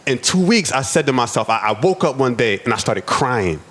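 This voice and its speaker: Speaking a little fast with big swings in pitch, a man from the US shares his personal story as a guest on a podcast. His medium-pitched voice is slightly bright, and he owns a restaurant. He talks earnestly and tends to repeat words.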